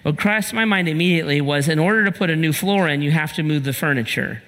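A man's voice: fairly high pitch, quick pace, a bit bright, long reverb tail. A male pastor giving a conversational sermon, asking rhetorical questions and telling personal stories.

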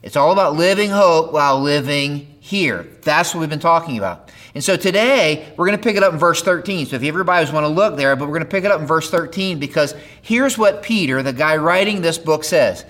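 Conversational preacher, man, fairly high voice. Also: fairly quick, fairly bright tone. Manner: conversational preaching with rhetorical questions and repetition. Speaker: pastor. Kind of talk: sermon.

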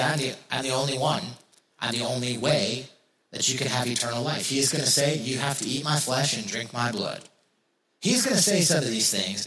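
A man's voice: medium pitch, pushed and bright, echoey room, rough recording. A man preaching a sermon in a conversational way, repeating key phrases for emphasis. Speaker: pastor.

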